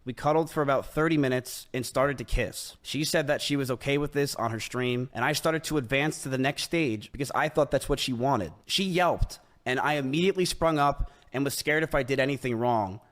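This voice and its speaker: Man, mid-pitched voice, defensive, matter-of-fact stream explanation. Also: brisk, a bit bright.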